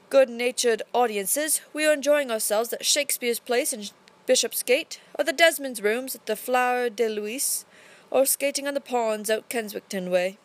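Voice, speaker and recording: A woman reading a storybook aloud in a put-on English accent, narrating steadily with lively emphasis. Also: a little high.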